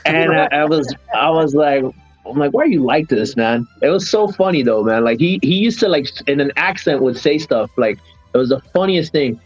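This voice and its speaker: Animated man telling game stories. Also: a little high, moderate pace, no echo, highs cut off, faint music behind. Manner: animated storyteller, many restarts and "man". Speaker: podcast host. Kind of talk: casual podcast chat.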